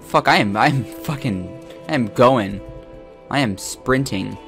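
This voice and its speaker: A man giving crude, joking commentary while playing a video game, with loud excited outbursts. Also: medium pitch, unhurried, vocal fry, faint music behind. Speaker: gamer streaming his own play. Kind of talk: profane let's-play commentary.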